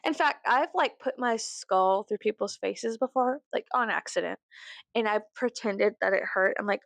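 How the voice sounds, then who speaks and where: A young woman with a Southern US accent, chatting casually to camera in her bedroom, rambling and profane, with sudden loud high outbursts. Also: normal speed, gravelly, dry recording. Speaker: vlogger.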